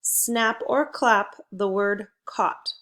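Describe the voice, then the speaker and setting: A woman teacher leading a phonics lesson for young children, slow and patient, with a call-and-response manner. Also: mid-range voice, noisy background.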